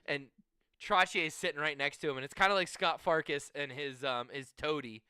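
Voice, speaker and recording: Man, bright tense tone, smooth clear voice, dry close sound, profane storyteller. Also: fairly high pitch, fairly even intonation, fairly quick, no room sound. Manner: profane, storytelling, laughs often. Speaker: podcast co-host. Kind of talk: casual sports chat.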